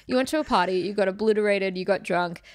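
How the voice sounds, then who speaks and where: A woman with an Australian accent co-hosts a film podcast in loose, candid chat, swearing freely as she rambles through her critique. Her voice sits at a middling pitch. The sound is close and dry, with no room echo. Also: fast. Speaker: podcast co-host. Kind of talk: casual chat.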